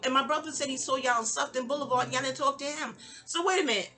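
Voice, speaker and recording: A woman's voice: high voice, racing, hardly any pauses, pushed and bright. A woman, telling a personal story in a casual, rambling audio-diary style, stammering and restarting and acting out quoted lines.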